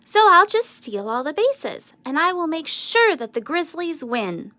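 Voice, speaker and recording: A woman's voice: very animated, unhurried, no echo, heavily acted. Amelia Bedelia, a chirpy literal-minded helper played by a woman reader. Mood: cheery. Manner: chirpy, earnest, high and bright.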